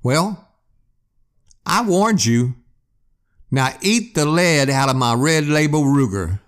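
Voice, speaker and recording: A furious, stubborn man waving a shotgun, voiced by a male storyteller. He yells threats in a raised, strained voice that leaps around in pitch. He sounds ready to fire at any moment. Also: animated, slow. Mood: furious yelling. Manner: yelling, threatening.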